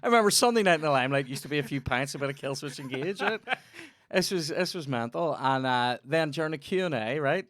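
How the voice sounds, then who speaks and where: A man's voice: a little high, quick pace, no echo. A young Northern Irish man hosting a podcast, telling stories in casual chat and swearing freely. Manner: swears a lot, tells animated stories. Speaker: podcast host.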